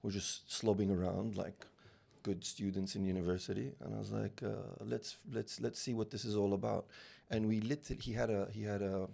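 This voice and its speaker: A man's voice: lowish voice, brisk, gravelly, few pauses. A man in his forties, raised in the UAE, telling a story as a podcast guest and acting out the dialogue, often restarting his sentences. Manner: animated anecdotes, acting out dialogue, many restarts. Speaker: real estate founder, guest. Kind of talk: storytelling interview.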